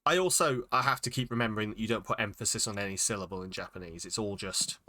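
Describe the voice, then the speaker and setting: A man's voice: fairly low pitch, fast talker, few pauses, sharp tone, a little hiss or hum. A man streaming a game, chatting casually and thinking aloud as he sounds out Japanese words, with many fillers. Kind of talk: casual live-stream chat while reading Japanese.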